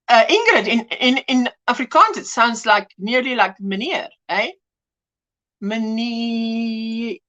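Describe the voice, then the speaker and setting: A woman hosts a relaxed livestream, chatting freely and reading out viewer comments. Her voice sits high and swoops animatedly up and down. She laughs easily between thoughts. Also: dull audio. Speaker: livestream host. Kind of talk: casual livestream chat.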